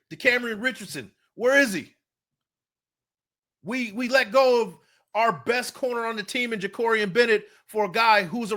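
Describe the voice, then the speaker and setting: A man's voice: high voice, pushed and bright. A man hosting a sports podcast, ranting heatedly and often repeating words as he gets worked up. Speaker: podcast host. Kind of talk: fan rant.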